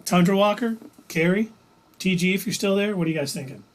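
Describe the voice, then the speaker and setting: A man with a fairly high voice co-hosts a relaxed livestream. He reads out the viewers' names and votes in an easy, talkative way. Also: brisk. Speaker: co-host reading the chat. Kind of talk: casual chat.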